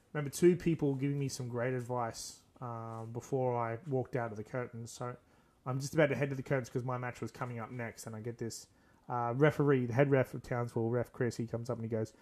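A young man, hosting a podcast and earnestly telling a rambling personal story, acting out the dialogue. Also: mid-range voice. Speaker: podcast host. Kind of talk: casual storytelling.

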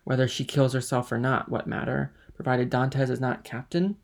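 A man doing a gravelly, sneering schemer. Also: mid-range voice, little pitch movement, moderate pace, close to an everyday voice. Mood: sly goading. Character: scheming sly man, cool and mocking.

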